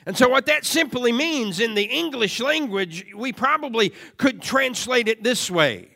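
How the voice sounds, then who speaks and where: A man preaching a sermon to a congregation, moving from steady teaching into loud, emphatic repetition. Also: very high voice, measured pace, vocal fry. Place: church service before a congregation.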